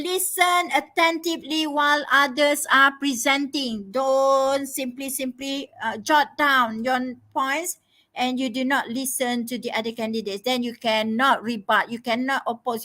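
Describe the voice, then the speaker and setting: A woman's voice: high voice, steady tone, measured pace, pushed and bright. A woman tutoring a live online lesson, emphatic and instructive, repeating key phrases and checking in with "okay?". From Malaysia. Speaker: English tutor.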